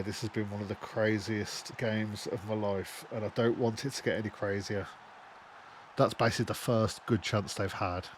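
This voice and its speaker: A young man giving casual, expressive let's-play commentary on a football management game, swearing freely. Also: on the low side. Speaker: gaming YouTuber.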